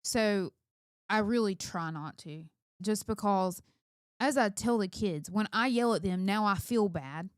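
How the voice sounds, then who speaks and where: A middle-aged woman co-hosts a casual conversation and speaks in an emphatic, candid, self-reflective way. Her voice is smooth and resonant, and the recording is dry with no room sound. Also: medium pitch, no echo. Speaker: co-host, mother of two. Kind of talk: casual chat.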